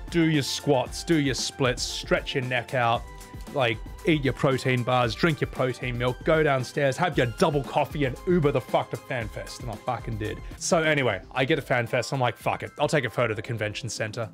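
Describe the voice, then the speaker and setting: A man in a casual vlog, telling a trip story in an animated way, swearing freely. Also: medium pitch, moderate pace, faint music behind. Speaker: vlogger.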